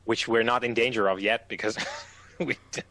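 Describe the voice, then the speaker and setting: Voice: medium pitch, steady tone, moderate pace, fairly bright tone. A game master, casually explaining the game's rules and laughing often. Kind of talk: casual tabletop game chat.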